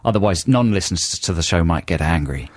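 Male radio co-host, lively sing-song delivery, dry studio sound, teasing banter and email reading. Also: deep voice, a little fast, no room sound. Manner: bantering, reads listener emails aloud.

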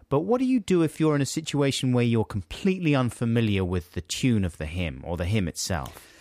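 A man's voice: mid-range voice, darkish tone, dry recording. A middle-aged man co-hosting a radio show, chatting playfully and casually. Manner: playful, reads lines aloud in mock accents. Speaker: radio co-host.

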